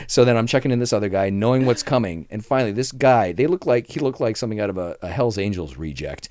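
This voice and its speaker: A man's voice: fairly low pitch, fast, few pauses, dry recording. A man hosting a podcast, telling workplace stories in casual chat and acting out the people in them. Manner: animated, acts out voices in his stories. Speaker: podcast host.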